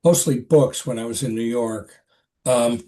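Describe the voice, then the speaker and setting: In a casual interview, an older man who acts recalls a past experience as a podcast guest. His medium-pitched voice stumbles and wanders, doubling back with restarts and filler words.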